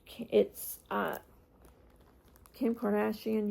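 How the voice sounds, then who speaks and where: A woman talks her way through a day at home for her vlog, unhurried and chatty, drifting from one aside to the next. Her voice has a gravelly, fry-laced texture, and she slips into a high baby-talk voice when she speaks to her dogs. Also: little pitch movement, warm tone, a little hiss or hum. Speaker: vlogger. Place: indoors at home.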